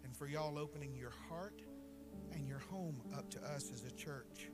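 A man's voice: on the high side, moderate pace, over loud music. A man, a pastor giving an earnest, heartfelt farewell to church members. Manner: earnest, heartfelt, reads from notes. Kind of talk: church announcement. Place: church sanctuary with music behind.

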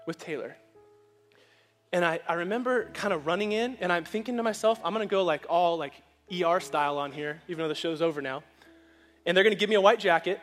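A male pastor preaching a sermon and telling a personal story. He moves between loud, animated passages and hushed, emotional ones. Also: sits high. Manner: animated, swings from shouting to hushed. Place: church sanctuary. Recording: church hall with long reverb, faint music.

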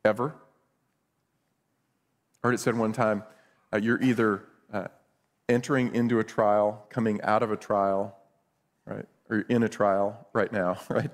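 A man's voice: on the low side, level tone, unhurried, long pauses. A man preaching a sermon as pastor, earnest and conversational, often repeating words as he goes.

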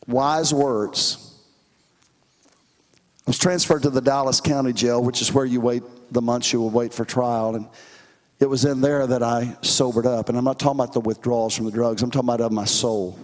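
A man's voice: mid-range voice, steady tone, normal speed, in a large hall. A man from Texas preaching his testimony, telling his story with emphatic, rising and falling intensity. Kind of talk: testimony sermon.

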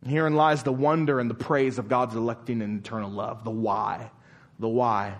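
A male pastor preaching a sermon, asking rhetorical questions again and again and dropping to a quiet, slow voice for emphasis. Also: mid-range voice, fairly even intonation.

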